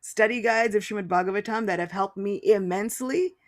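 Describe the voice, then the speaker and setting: A woman in casual spiritual conversation as a podcast guest, animated and laughing often, restarting her phrases. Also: medium pitch, brisk.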